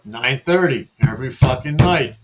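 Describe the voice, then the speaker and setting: A man's voice: mid-range voice, animated, normal speed, a little hiss or hum. A man in casual chat, telling a rambling anecdote full of hesitations, fillers and the odd curse word.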